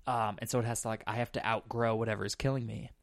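A man's voice: fairly low pitch, level tone, fast, vocal fry, dry recording. A man hosting a podcast in casual chat, explaining things in a rambling way with lots of "like" fillers. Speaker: podcast host.

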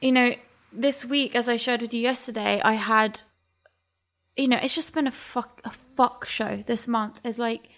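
Woman a bit high-voiced, casual chat, rambly and emotional, swears a lot. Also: steady tone, measured pace, fairly bright tone.

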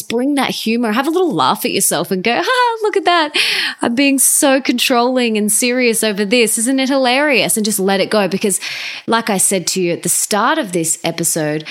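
A woman hosting a podcast interview, talking warmly and enthusiastically. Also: mid-range voice. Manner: enthusiastic, gushing with gratitude. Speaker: podcast host. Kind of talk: casual interview chat.

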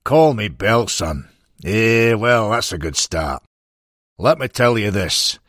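A man voicing a warm, humorous older Scottish football manager, with a Scottish burr and fatherly drawn-out "eh"s in an audiobook. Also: lowish voice, lively intonation, no room sound, pitched above the performer's own voice. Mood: warm teasing.

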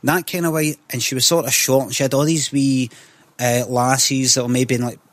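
A Scottish man telling an animated, sweary story in casual chat. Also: mid-range voice, brisk, no room sound.

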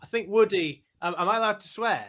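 Casting: a male podcast guest, chatty and self-mocking, with a fairly high, bright voice. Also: fairly quick. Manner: chatty, self-deprecating, stumbling restarts. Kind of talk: casual podcast chat.

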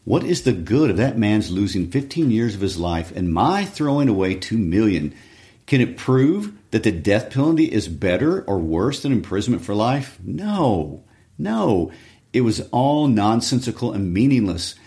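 A man with a deep voice reading the part of a spoiled, mocking wealthy banker in a condescending tone. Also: big pitch swings, normal speed, mellow. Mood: brooding. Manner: scornful, condescending.

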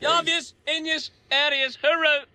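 High, bright-voiced rowdy Australian man. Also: steady tone, moderate pace, no echo. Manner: crude, rowdy and loud. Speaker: caller. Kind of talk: recorded voicemail with a joke. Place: on a running tractor.

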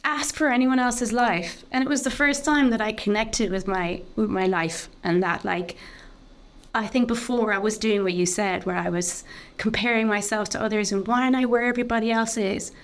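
Woman guest, open and heartfelt, rambles with lots of likes, mid-pitched voice. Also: steady tone, normal speed. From Ireland. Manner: open, heartfelt, full of "like" fillers. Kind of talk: candid personal storytelling.

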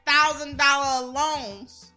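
A woman's voice: sits high, slow, music in the background. A woman chatting casually as a co-host, telling blunt, profane stories with frequent laughter. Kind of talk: casual chat.

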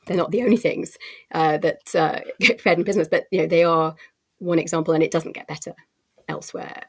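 A woman's voice: sits low, fairly even intonation, fairly quick, slightly rough. A woman executive giving expansive, articulate interview answers with frequent fillers and restarts. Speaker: company co-CEO guest.

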